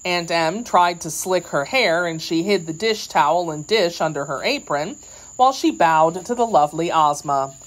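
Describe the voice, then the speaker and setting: A woman narrating a classic children's storybook in a measured, expressive way. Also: on the low side, poor audio. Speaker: audiobook reader.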